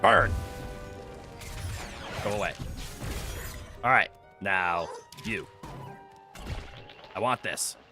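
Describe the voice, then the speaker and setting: A man streaming a video game, chatting casually with his viewers and laughing often. His voice is bright and lively, jumping around in pitch, and faint game music plays behind him. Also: vocal fry. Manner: playful, chatty, quick to laugh. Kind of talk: casual gameplay commentary.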